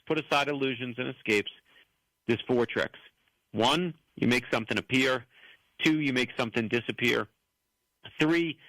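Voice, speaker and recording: A mid-range voice in a rough recording with no echo belongs to an American man in his fifties. As an author guest, he answers interview questions with animated stories, acting out the voices of the people he quotes.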